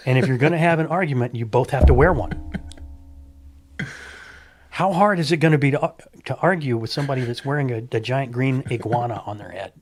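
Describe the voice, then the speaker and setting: A man's voice: mid-range voice, brisk. A middle-aged man chatting casually, telling stories with animation and acting out other people's lines. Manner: animated storyteller, acts out quoted voices. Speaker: guest.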